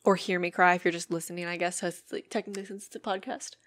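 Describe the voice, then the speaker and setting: A woman's voice: lowish voice, flat delivery, fast talker, no room sound. A woman hosting her own podcast, talking earnestly and emotionally in a personal monologue and swearing freely. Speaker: podcast host.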